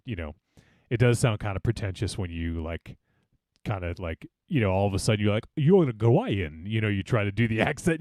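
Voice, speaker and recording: A man's voice: deep voice, a little mellow, no room sound, studio quality. A man hosting a horror film podcast, chatting loosely with friends, joking and swearing, with many fillers. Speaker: podcast host. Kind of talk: casual chat.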